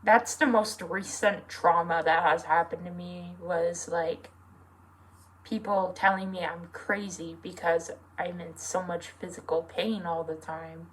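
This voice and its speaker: A young adult with a feminine voice speaking in an earnest, halting way, full of fillers and close to tears at times. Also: female voice, lowish voice, steady tone, a little hiss or hum, low-quality recording. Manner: emotional, near tears at times. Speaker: vlogger. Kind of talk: personal confessional vlog.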